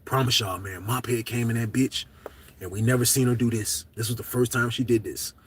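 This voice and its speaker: A man telling a comedic story in casual, slangy talk, swinging from hushed to loud. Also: mid-range voice, steady tone, brisk, slight background noise.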